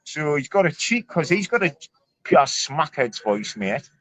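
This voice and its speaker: A man's voice: fairly high pitch, very animated, measured pace, fairly bright tone. A man talking bluntly on a livestream panel, swearing and restarting his sentences. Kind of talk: heated livestream argument. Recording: muffled lo-fi stream audio.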